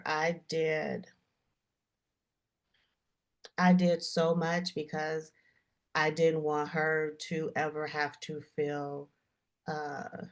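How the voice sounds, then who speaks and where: Deep, slow-speaking reflective woman. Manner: soft-spoken, halting, reflective. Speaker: podcast guest. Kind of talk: personal conversation on mental health.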